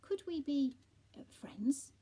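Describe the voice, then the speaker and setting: Woman voicing a shy, gruff tomcat. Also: medium pitch, lively intonation, a little slow, warm tone, a little hiss or hum. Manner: gruff with embarrassment. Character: fat-loving male tomcat, shy and hopeful.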